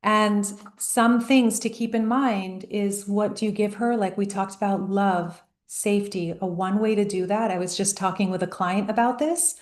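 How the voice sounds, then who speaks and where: A woman's voice: mid-range voice, fairly even intonation, darkish tone. Emphatic woman coaching in an echoey room. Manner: emphatic, storytelling, slows down on key phrases. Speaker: life coach. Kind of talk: motivational talk to camera.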